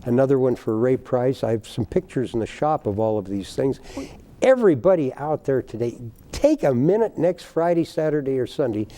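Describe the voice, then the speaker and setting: An older man spins a folksy tale with a lively, swooping voice that rises high when he gets excited. His tone is dark and mellow. He acts out the people in his stories as he goes. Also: moderate pace. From United States. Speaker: guest, baker. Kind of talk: storytelling in a TV interview.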